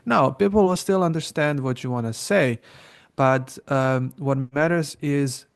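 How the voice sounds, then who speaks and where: Male podcast co-host, gravelly voice, casual explainer. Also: medium pitch, unhurried. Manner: explains plainly, with fillers and restarts. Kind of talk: casual educational chat.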